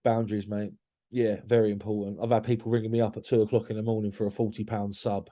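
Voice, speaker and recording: A man's voice: fairly low pitch, level tone, fast, warm tone. A man talking candidly as a podcast guest, blunt and swearing freely, often restarting his sentences.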